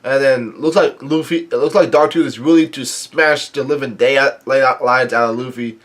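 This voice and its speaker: A young man casually recapping a comic chapter, halting often and correcting himself as he goes. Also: mid-range voice, fairly even intonation, fairly bright tone. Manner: halting, many restarts and self-corrections. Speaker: manga reader and recapper.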